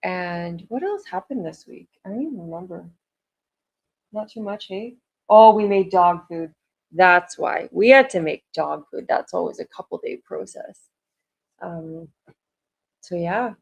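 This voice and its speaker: A woman's voice: fairly low pitch, animated, unhurried, vocal fry, pauses often. A woman talking casually to her viewers, chatty and rambling, with lots of "like" fillers. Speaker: vlogger. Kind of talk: casual chat to camera.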